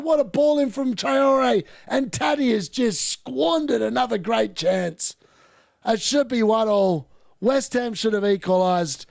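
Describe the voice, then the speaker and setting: An excitable man giving live football commentary and reaction, shouting at missed chances and mocking the players. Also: very high voice, a little slow, creaky. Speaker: watchalong streamer.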